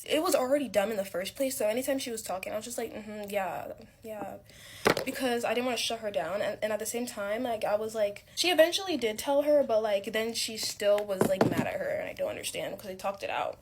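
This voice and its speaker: A woman's voice: a little high, animated, fast, hardly any pauses, heavy background noise. A young woman telling a casual story-time tale about college friends in a rambling, filler-heavy way. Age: young adult.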